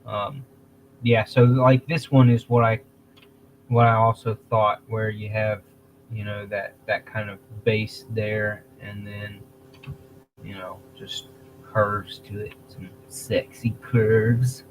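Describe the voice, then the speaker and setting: A man hosting a casual livestream, talking in a rambling, halting way, restarting phrases and clearing his throat. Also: fairly low pitch, level tone, a little hiss or hum, rough recording. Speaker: livestream host.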